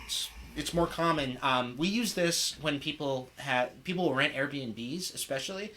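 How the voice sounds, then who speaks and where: A man's voice: a little high, moderate pace, pushed and bright. A man hosting a livestream, chatting casually, joking and teasing his guest as he leads each segment. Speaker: stream host.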